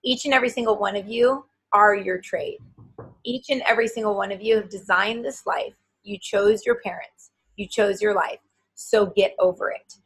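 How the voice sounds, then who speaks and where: A solemn male spirit guide , as a woman channels him, addresses his listeners in a grave, sermon-like cadence. The voice is husky and breathy and sits at a middle pitch. He sounds steady and firm, like a preacher giving a blessing. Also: normal speed, poor audio.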